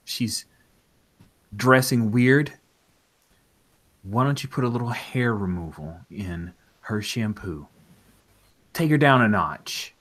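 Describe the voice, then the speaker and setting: Casting: man putting on a loud, salesy late-night radio advice DJ, pushy and swaggering. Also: on the low side, lively intonation, slow, pauses often, voice pushed up, exaggerated voice.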